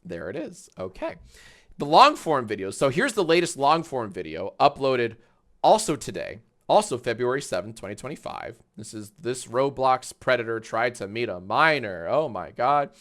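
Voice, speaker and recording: A man's voice: mid-range voice, sing-song, normal speed, fairly bright tone. A man hosting a casual livestream, reacting to videos with sarcastic, profane rants. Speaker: livestream host.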